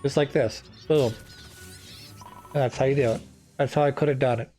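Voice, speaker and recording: Over soft background music, a man hosts a gaming let's-play in a medium-pitched, steady, mellow voice at a moderate pace. His commentary is casual and wandering, packed with fillers and restarts.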